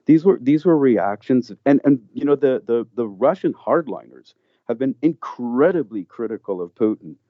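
A man's voice: mid-range voice, animated, normal speed, no echo, dull audio. A man in an earnest, emphatic conversational discussion, often restarting his sentences as he builds his point.

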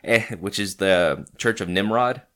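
A man's voice: lowish voice, a little slow, a bit bright. A man in casual podcast chat who swears freely and laughs often. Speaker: podcast co-host.

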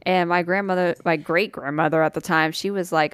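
Lower-voiced woman, casual and profane. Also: flat delivery, fast, hardly any pauses, no room sound, clean studio sound. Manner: swears freely, tired, laughing asides. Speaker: podcast co-host. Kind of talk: casual chat, storytelling.

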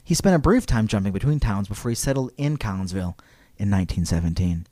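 A man's voice: on the low side, lively intonation, quick pace, mellow, no room sound, clean studio sound. A man hosting a podcast, telling a history story in a casual, digressive way and reading quotes aloud. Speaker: podcast host.

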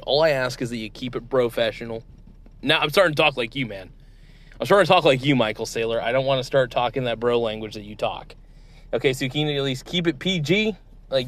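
A man hosting a comedic mock interview from his car, exasperated and sarcastic, swearing casually. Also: mid-range voice. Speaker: host.

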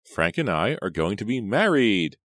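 A man reading aloud and voicing an excitable, gushing young woman in an audiobook. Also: lowish voice, measured pace, dry recording, studio quality, pitched above the performer's own voice, heavily acted. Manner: breathless, exclaiming.

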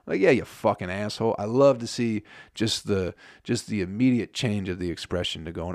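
Profane, rambling low-voiced man. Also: lively intonation, brisk, no room sound, studio quality. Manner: profane, laughing, rambling storytelling. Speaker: comedian. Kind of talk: casual podcast riffing.

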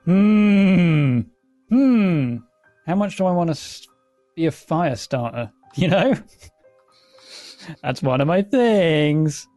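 A man playing in a tabletop game, talking in a hesitant, halting way. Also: fairly high pitch, animated, warm tone, no echo, faint music behind. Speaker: player. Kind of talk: casual game chat.

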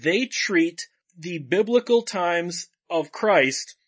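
A man with a slightly raised pitch gives wry, opinionated takes on movies. He talks casually with a friend, with a dry sense of humor. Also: lively intonation, takes it slowly, fairly bright tone. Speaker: podcast co-host.

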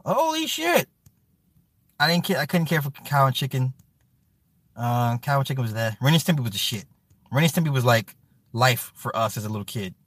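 A man hosting a casual livestream talk, loose and profane, swinging from low mutters to loud animated outbursts. His voice sits at an ordinary male pitch. It is recorded dry and close, with no room sound. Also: brisk, no echo. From Chicago. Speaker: livestream host reading chat. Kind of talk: casual chat.

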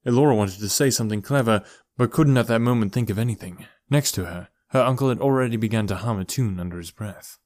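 A man narrating an audiobook in a steady, measured storytelling voice. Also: lowish voice, no room sound. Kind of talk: scripted narration.

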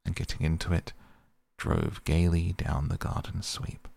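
Deep slow-reading man with gravelly voice. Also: steady tone, no room sound. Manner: soft, slow, soothing. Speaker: podcast reader. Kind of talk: sleep-story narration.

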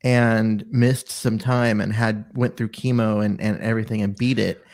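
A man's voice: on the low side, level tone, normal speed, darkish tone. A man co-hosting a sports podcast, talking football in a loose, rambling way. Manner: rambling, many fillers and restarts. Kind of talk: casual sports chat.

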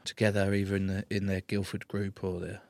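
A man in his thirties with an English accent, a rugby player being interviewed, bantering cheekily and swearing freely, loudly acting out stories. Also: low-pitched, fairly quick, vocal fry, no echo. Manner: cheeky, swears freely, loud animated re-enactments. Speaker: interview guest, rugby prop. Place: small studio.

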